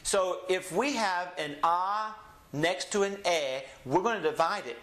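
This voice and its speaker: A man's voice: high voice, a bit bright. Patient man teaching in an echoey room. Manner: patient, explains step by step, repeats words slowly. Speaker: Spanish teacher. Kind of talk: recorded language lesson.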